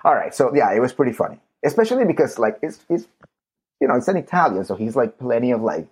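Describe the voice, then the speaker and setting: Husky guy hosting a podcast, jokey and animated, swears a bit. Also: mid-range voice, quick pace. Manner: joking, animated, swears casually. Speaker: podcast host. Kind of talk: casual chat.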